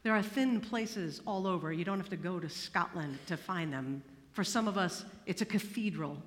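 A woman preaching a sermon, expressive, moving between hushed, slow passages and emphatic ones. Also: fairly low pitch. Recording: long hall reverb.

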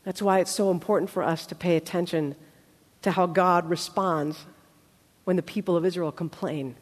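A woman preacher giving a sermon in a conversational way, with dramatic pauses. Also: lowish voice, fairly even intonation, long reverb tail.

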